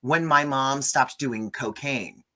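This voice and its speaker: Guy ranting sarcastically about a movie, bright tense voice, goofy impressions. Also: medium pitch, takes it slowly. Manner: sarcastic, animated, mocking impressions. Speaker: movie review host. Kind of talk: casual chat.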